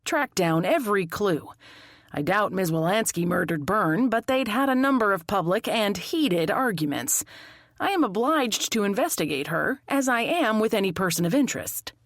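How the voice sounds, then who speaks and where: A woman voicing a stern, dogged male police detective who speaks in a formal, measured, firm way. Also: mid-range voice, lively intonation, no echo, studio quality, voice pushed up.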